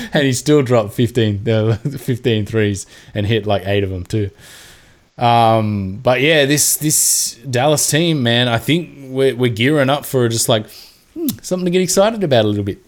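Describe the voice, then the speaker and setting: A man's voice: mid-range voice, lively intonation, unhurried. An Australian man co-hosting a podcast, chatting casually and animatedly about basketball, swearing freely and acting out mock quotes. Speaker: podcast co-host. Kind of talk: casual sports chat.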